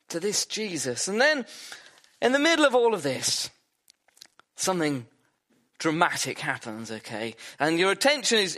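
A man preaching a sermon, retelling a story vividly and dropping his voice low for emphasis. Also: fairly bright tone.

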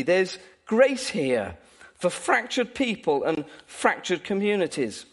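A man preaching a sermon in an animated, playful way, often laughing. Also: sits high, measured pace.

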